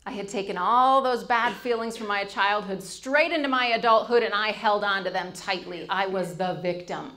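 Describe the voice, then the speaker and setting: A middle-aged woman gives an animated storytelling talk on stage, acting out the voices of people she quotes. She speaks at a moderate pace in a medium-pitched voice, with hardly any pauses.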